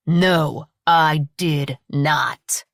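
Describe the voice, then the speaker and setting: A woman's voice: low voice, steady tone, drawn-out words, creaky, no room sound, studio quality, heavily acted. A woman reading an audiobook, voicing an accused man who snaps out angry, clipped denials. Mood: cold denial. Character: blustering middle-aged man accused and defiant.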